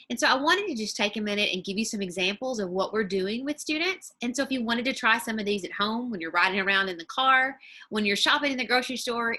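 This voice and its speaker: A woman teacher talks parents through an online lesson, explaining each idea step by step and slowing right down on the example words. Her voice is bright and clear at a middle pitch, picked up by a computer mic. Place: home or office, screen-shared video.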